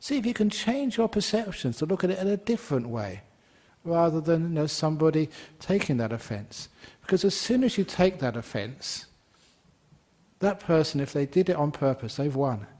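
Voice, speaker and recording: A man's voice: a little high, very animated, moderate pace, a little mellow. A man, a Buddhist monk, giving a dharma talk and telling stories playfully while laughing at his own jokes.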